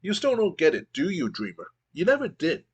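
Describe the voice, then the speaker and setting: A man's voice: on the high side, wildly swooping pitch, fairly quick, breathy edge, lo-fi sound, voice pushed up, heavily acted. A man reading the lines of a bitter, brooding veteran male wrestler in a resentful, self-pitying monologue, raised above his own voice. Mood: scornful.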